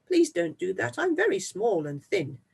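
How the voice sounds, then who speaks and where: A storyteller voicing a small, thin, timid young billy goat who pleads in a high little voice. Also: wildly swooping pitch, moderate pace, vocal fry, a little mellow, slightly rough, far from the mic, heavily acted. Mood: pleading. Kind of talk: storybook read-aloud.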